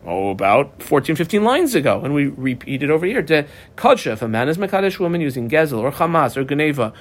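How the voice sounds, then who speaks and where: Male Talmud teacher, casual and folksy, fairly high voice, lively pitch. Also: fast. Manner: animated, folksy, mixes in Hebrew and Aramaic terms. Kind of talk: casual lecture reading through a text.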